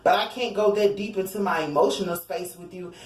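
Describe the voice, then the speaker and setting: A woman's voice: mid-range voice, fairly quick, roomy sound, poor audio. A woman giving a casual tarot reading, talking in a chatty, slangy way and acting out what people might say. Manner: chatty, slangy, acts out quotes, sings snatches of songs. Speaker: tarot reader.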